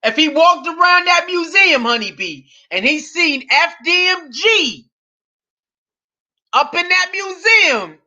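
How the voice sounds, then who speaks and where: Stream host, male, casual reaction talk, lively pitch, lo-fi audio. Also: takes it slowly. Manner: laughs often, repeats phrases, reads chat aloud.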